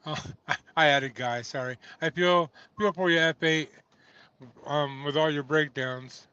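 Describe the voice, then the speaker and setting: Bright-voiced chatty man hosting a livestream. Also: a little high, unhurried, smooth. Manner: chatty, laughs often, restarts phrases. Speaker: host of a trucking livestream. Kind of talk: casual livestream chat, reading viewer comments. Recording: dull lo-fi dry audio.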